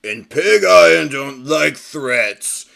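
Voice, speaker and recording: A man voicing a gruff, surly pig strongman who drawls slowly and menacingly. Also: fairly high pitch, expressive, bright, forceful tone, heavily acted.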